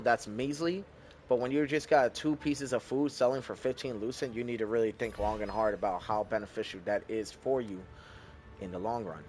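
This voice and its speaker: A young man giving relaxed, chatty commentary over his game, thinking aloud and swearing casually. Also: mid-range voice, slight background noise. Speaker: gaming YouTuber.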